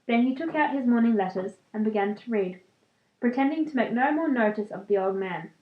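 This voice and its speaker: A woman's voice: a little high, lively intonation, brisk, reverberant, phone-quality sound. A young woman, a student, casually reading a book aloud and breaking off for chatty, giggly asides full of fillers.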